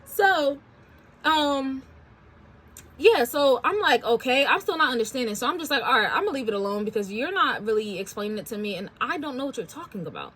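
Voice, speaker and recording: A woman's voice: high-pitched, very animated, normal speed, long pauses, fairly bright tone, husky. A woman in her twenties hosting a talk show, telling a personal story in a chatty, candid way with slangy asides. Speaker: podcast host. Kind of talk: casual storytelling.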